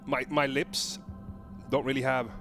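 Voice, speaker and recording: A man tasting a hot pepper on camera and talking it through casually, halting with lots of fillers and restarts. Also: mid-range voice, flat delivery, music in the background. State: gasping and coughing from pepper heat. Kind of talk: casual vlog commentary.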